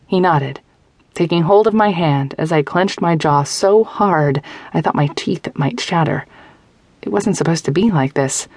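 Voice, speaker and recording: A woman narrating a young-adult novel in first person, close to a studio microphone, with measured, tense, intimate storytelling. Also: sits low, a little mellow, no echo. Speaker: audiobook narrator.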